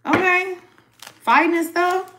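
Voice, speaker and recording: A woman's voice: very high-pitched, steady tone, slow, bright, forceful tone, slight background noise, poor audio. A young woman giving a casual tarot reading to her viewers, chatty and slangy, talking straight to the audience. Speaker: tarot reader.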